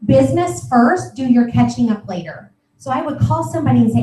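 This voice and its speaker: A middle-aged woman giving an upbeat, energetic sales training talk. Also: sits high, a little fast. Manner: upbeat, energetic, peppy coaching. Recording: echoey room, voice from far off the mic.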